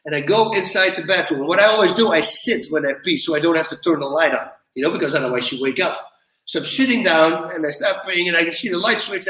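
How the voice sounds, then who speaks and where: A man with a fairly high, bright voice spins a wild personal anecdote with lively energy, chuckling between lines. He sounds set back from the mic in a roomy, echoing space. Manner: lively, laughs at his own story, acts out quotes. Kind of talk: animated storytelling. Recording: roomy, from a distance.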